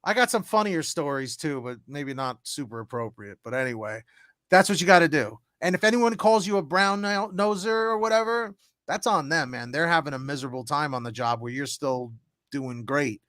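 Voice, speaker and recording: Animated young man hosting a livestream. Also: normal speed, dry recording, clean studio sound. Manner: animated storyteller, loud swings in pitch and volume. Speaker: tarot reader, stream host. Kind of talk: casual livestream chat.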